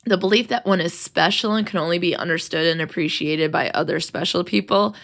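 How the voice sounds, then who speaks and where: A woman's voice: on the low side, a little fast, fairly bright tone. A young adult woman hosting a casual podcast chat, talking freely, laughing often and acting out what people say. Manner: chatty, laughs often, acts out quotes. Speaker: podcast host and teacher.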